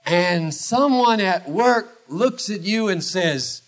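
A man preaching a sermon as pastor, emphatic, swinging from loud declarations to hushed low phrases with long pauses. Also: expressive.

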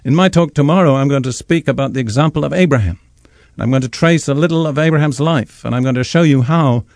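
A man preaching a radio sermon, reading scripture slowly and with measured emphasis. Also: a little high, darkish tone, dry recording, studio quality.

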